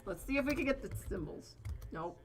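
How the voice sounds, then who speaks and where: A woman's voice: mid-range voice, expressive, a little fast, a little hiss or hum. A woman streamer chatting casually with viewers while she draws, rambling and swearing freely. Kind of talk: casual live-stream chat while drawing.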